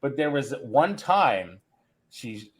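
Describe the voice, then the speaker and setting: A man's voice: medium pitch, big pitch swings, takes it slowly, husky. A middle-aged man hosting a podcast, telling a long story in a rambling, self-interrupting way. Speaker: podcast host. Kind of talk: casual chat.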